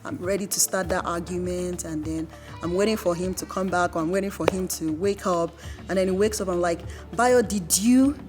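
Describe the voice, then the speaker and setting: Woman telling lively stories. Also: lowish voice, a little fast, over music. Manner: lively storytelling, acts out quotes. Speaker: wife. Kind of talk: documentary interview.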